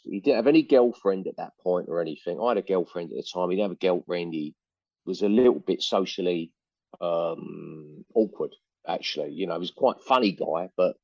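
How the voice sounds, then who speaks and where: An older man with an East London accent tells stories in a low, unhurried voice. He rambles and restarts, piling on "you know"s. The sound is dry and a little muffled. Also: a little mellow, dry recording. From England. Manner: rambling anecdotes with frequent fillers and restarts. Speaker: interview guest, musician. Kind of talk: casual storytelling interview.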